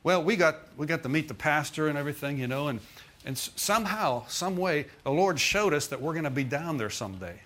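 A middle-aged pastor with a fairly high, fairly bright voice speaks fairly quickly with lively intonation. Preaching a sermon, he tells a personal testimony conversationally and keeps checking in with the congregation through frequent asides.

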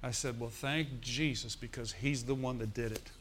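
A man's voice: medium pitch, steady tone, normal speed, fairly bright tone, a little hiss or hum. A middle-aged male pastor preaching a sermon in a church, telling a story with emphatic bursts.

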